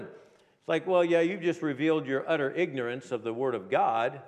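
Middle-aged man, pastor, high voice, emphatic sermon, slow scripture reading, long hall reverb. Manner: emphatic preaching, slowing to read scripture aloud.

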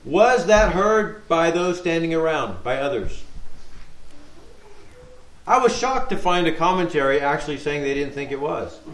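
A man's voice: a little high, lively intonation, unhurried. Man teaching Bible study in echoey hall. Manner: conversational, reads scripture aloud, asks rhetorical questions. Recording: echoey room sound.

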